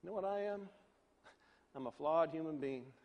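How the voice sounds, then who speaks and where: Male keynote speaker, animated storyteller, fairly high voice, echoey hall. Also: normal speed, lo-fi sound. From Northern Virginia. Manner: animated, acts out the voices of people in his stories.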